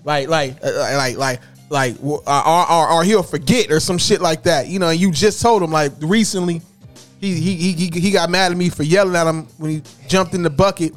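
A man's voice: fairly high pitch, moderate pace, faint music behind. A man chatting casually with friends, telling stories animatedly with heavy slang and profanity. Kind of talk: casual chat among friends.

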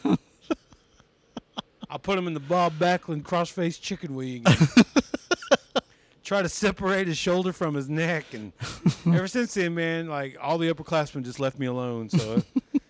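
A man's voice: on the high side, unhurried, pauses often, no room sound. A young man, a comedian guest on a podcast, telling stories in a casual chat and laughing often as he talks. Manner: animated, laughs often while talking.

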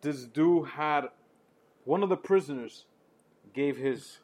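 A man telling a story on a podcast in a casual, animated way. His voice sits a little high for a man, and he swears freely and laughs as he goes. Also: slow. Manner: animated, profane, laughs often. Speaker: podcast co-host.

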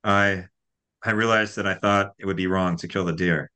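A man's voice: sits low, steady tone, normal speed, bright, forceful tone, clear, resonant tone. A man reading aloud from his novel voices a thoughtful young son who speaks hesitantly and earnestly.

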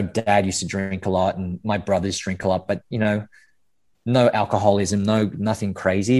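A man's voice: fairly low pitch, a little mellow. A man speaking candidly as a podcast guest, often restarting and repeating words, with casual swearing. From Australia. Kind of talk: candid interview conversation.

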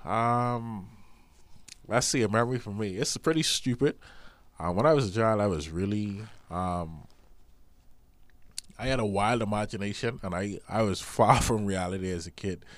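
A man's voice: on the low side, moderate pace, dry recording. A man co-hosting a casual podcast, joking and laughing often as he tells stories and fires off questions. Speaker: podcast co-host. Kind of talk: casual chat.

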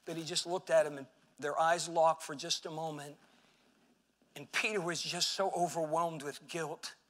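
High, bright-voiced preaching pastor. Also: male voice. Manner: impassioned preaching, swinging between loud and hushed. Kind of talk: sermon. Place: church sanctuary.

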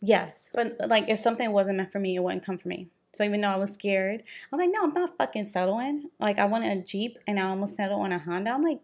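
A woman's voice: medium pitch, fast, few pauses, a little mellow. Woman, casual chat, rambling, fillers and restarts.

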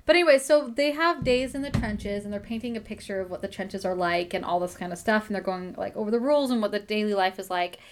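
A woman's voice: mid-range voice, quick pace, few pauses, background noise. A woman host casually recapping a novel chapter by chapter, gushing and laughing often as she talks. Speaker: book podcast host.

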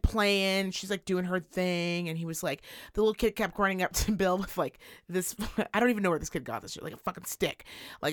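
On a podcast she co-hosts, a woman with a lowish voice tells a story in casual, profane conversation, acting out every quote with animation. The recording is studio quality with no room sound.

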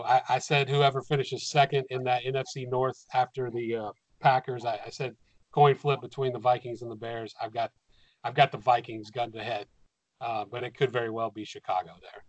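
A man co-hosting a sports podcast, talking through his picks in a measured, analytical way with some hesitations. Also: medium pitch, fairly even intonation, no room sound, rough recording. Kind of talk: casual sports chat.

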